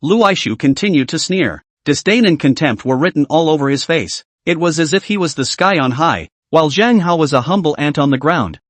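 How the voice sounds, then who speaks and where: Man, comic recap narrator, lively intonation, dry close sound. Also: a little high, brisk, hardly any pauses, no room sound.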